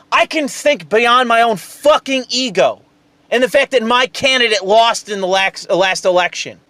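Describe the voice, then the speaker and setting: A man with a high-pitched voice, hosting a heated, profane, sarcastic political rant. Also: sharp tone, no echo. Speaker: political commentary host.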